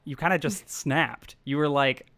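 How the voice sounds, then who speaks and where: A man hosting a casual interview, relaxed and a little rambling, joking about his own sidetracking. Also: medium pitch, a little slow, no room sound. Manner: relaxed, rambling, self-deprecating. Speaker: host.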